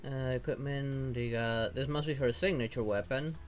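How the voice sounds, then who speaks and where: Here a man streaming as a VTuber talks at a normal speed in a steady, mid-range voice. He muses casually while pulling and sorting game rewards, offering easygoing commentary on his play.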